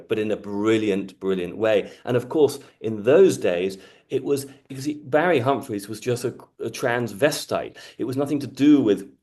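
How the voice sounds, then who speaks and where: A man's voice: on the low side, darkish tone. A man from Britain, an astrologer talking in an earnest, reflective, teaching way. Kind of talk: casual conversation.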